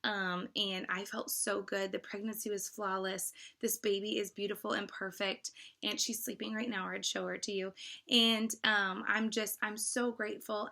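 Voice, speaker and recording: A woman in her thirties vlogging straight to her viewers. Her voice is bright and clear at a middle pitch, and she talks in an effusive, heartfelt way, full of "um"s and restarts. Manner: emotional, effusive and grateful, many fillers. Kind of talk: casual personal vlog.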